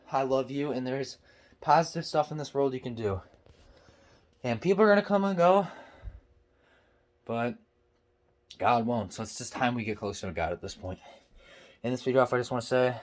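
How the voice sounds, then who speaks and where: A man's voice: medium pitch, moderate pace, long pauses, rough recording. A young man giving a casual, earnest motivational talk to camera, rambling and preachy as he reads out quotes. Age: young adult. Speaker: motivational vlogger.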